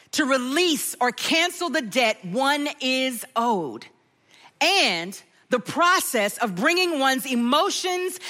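Bright high-voiced woman preaching a story. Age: middle-aged. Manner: animated storytelling, acting out the voices in her story. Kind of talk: sermon with personal story.

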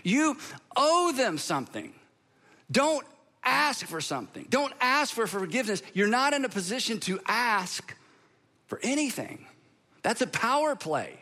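A man with a high, bright voice delivers a sermon in a large hall. He is emphatic, lingers on slow, weighty pauses, then speeds up in lively bursts. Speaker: pastor.

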